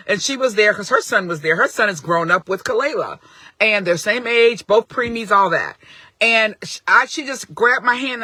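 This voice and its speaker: Middle-aged woman, earnest parent vlogger, bright and close on a phone, emphatic with lots of restarts. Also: fairly high pitch, slightly rough, dry recording. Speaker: parent advocate streaming live. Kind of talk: casual live-stream talk.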